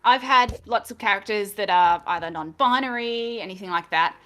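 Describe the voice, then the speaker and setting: A woman's voice: medium pitch, normal speed, fairly bright tone. A woman chatting casually as a game master and co-host, talking in a chatty, self-deprecating way and laughing easily. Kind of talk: casual chat.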